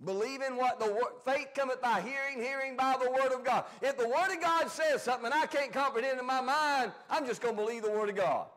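A male pastor with a very high voice delivers a Bible study sermon fairly quickly and with few pauses. His style is folksy and plain-spoken, swinging between loud, emphatic bursts and quiet asides.

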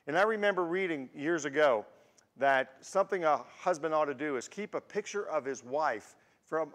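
A man in his sixties preaches in a relaxed, storytelling way, drawing on his own life to make each point. His voice sits a little high for a man. The sound rings with the long reverb of a church hall. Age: 60s. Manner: warm storytelling with personal anecdotes. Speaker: guest preacher. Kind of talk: conversational sermon. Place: church sanctuary.

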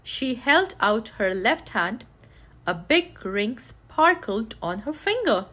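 Woman, storybook reader, high and bright, unhurried, very expressive. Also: slightly rough. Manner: lively, voices characters' lines with raised excitement. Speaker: children's book reader. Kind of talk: read-aloud storytelling.

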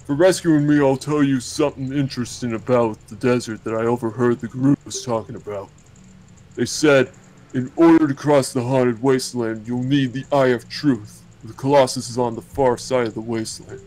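A man's voice: mid-range voice, fairly even intonation, moderate pace, darkish tone, close to an everyday voice, rough recording. A man voicing a drunken male carpenter while reading game dialogue aloud, boisterous and slurring.

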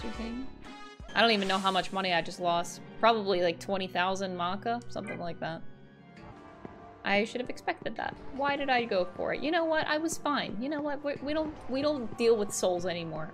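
A young adult woman giving casual, excitable, sweary gameplay commentary as a streamer. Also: mid-range voice. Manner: excitable and sweary, laughing often and switching between voices. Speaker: gaming streamer.

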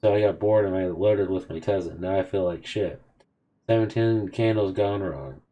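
The audio is dull, carrying a man's low, warm voice at a moderate pace. He's a gaming video host casually reading through a chat of text messages between characters, offhandedly covering both sides.

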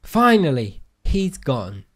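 A man chatting playfully while playing a video game with a friend, quick to laugh and yelp. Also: fairly high pitch, wildly swooping pitch, a bit bright. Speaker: gaming YouTuber. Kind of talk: casual game chat.

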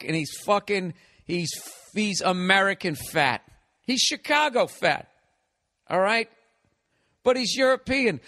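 A man hosting a podcast, telling a story in a profane, animated comedic rant. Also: high-pitched. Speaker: podcast host.

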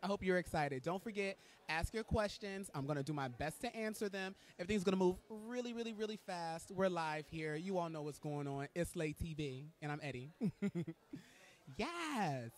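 A man hosting live red carpet commentary from an indoor event, gushing, excitable and campy as he talks to his viewers. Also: sits high, brisk.

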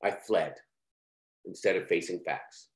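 A man's voice: deep voice, steady tone, a little slow. A man giving a course talk, telling a personal story in a candid, conversational way full of fillers. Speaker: course speaker. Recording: roomy echo.

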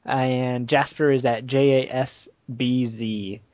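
A man's voice: mid-range voice, takes it slowly, dry recording. A man hosts a casual podcast, loose and rambling, with fillers between his thoughts. His voice is recorded dry and close. The sound is dull and lo-fi. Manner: relaxed, rambling with fillers and laughs. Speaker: podcast host. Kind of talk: casual chat.

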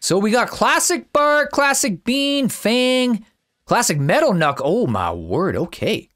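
A man giving casual, excitable gameplay commentary as a YouTuber, chatty and thinking out loud. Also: very high voice, takes it slowly.

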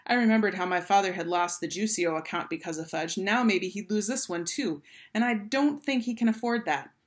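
A woman teacher reading a children's book aloud in a clear, expressive storytelling voice. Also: mid-range voice, fairly quick.

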